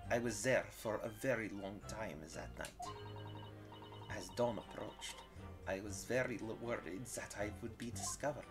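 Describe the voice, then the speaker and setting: A man voicing a proud middle-aged French woman waxwork sculptor, with a put-on French accent, theatrical and deliberate. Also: on the low side, over music, natural voice. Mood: proud, macabre.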